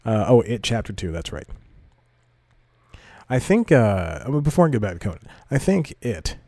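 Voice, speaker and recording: A man's voice: fairly low pitch, big pitch swings, moderate pace, a little mellow, dry recording. A young man hosting his own podcast, rambling loosely and restarting his sentences with self-mocking asides. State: slightly out of breath. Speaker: podcast host. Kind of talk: rambling solo podcast talk.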